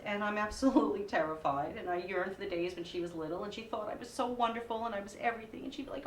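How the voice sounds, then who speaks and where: A woman in her forties doing a stand-up comedy set, with lively delivery and sing-song voices for her kids. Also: on the low side, fast talker, hardly any pauses. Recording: echoey room, mic at a distance.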